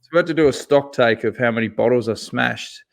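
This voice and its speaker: Male podcast co-host, mid pitch, animated profane storyteller. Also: brisk, vocal fry. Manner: animated, swears freely, laughs through his own story. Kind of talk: casual storytelling chat.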